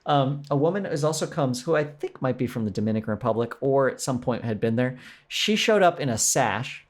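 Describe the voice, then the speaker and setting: A man's voice: medium pitch, fairly quick. A man co-hosting a podcast, casually retelling a show with lots of laughter and jokes. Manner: laughs often while recounting, animated and joking. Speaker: podcast co-host. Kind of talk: casual storytelling chat.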